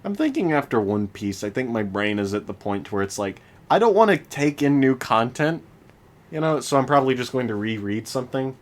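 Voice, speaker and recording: Young adult male co-host, lively intonation, teasing, casual chat. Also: mid-range voice, a little fast. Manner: animated, teasing, laughs often. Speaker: podcast co-host.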